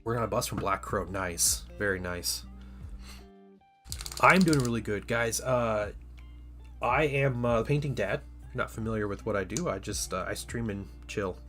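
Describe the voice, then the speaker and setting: A fairly low-voiced man chatting casually on a hobby livestream. He rambles, restarts his sentences and sounds tired. Faint music plays underneath. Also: normal speed, fairly bright tone. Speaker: livestream host painting miniatures.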